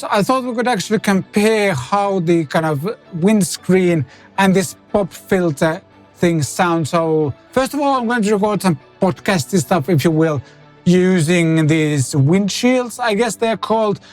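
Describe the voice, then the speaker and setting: A man's voice: high-pitched, a little slow, faint music behind. A man reviewing microphones in a casual demo, with a playful, rambling, self-mocking manner, speaking into a studio condenser mic. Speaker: gear reviewer. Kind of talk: casual product demo chat.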